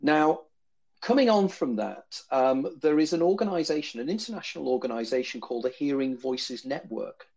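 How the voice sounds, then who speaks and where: Male guest speaker, mid-pitched, discursive, lecture-style answers to a live room. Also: expressive, moderate pace, creaky, darkish tone, breathy edge. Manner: discursive, repeats words when thinking.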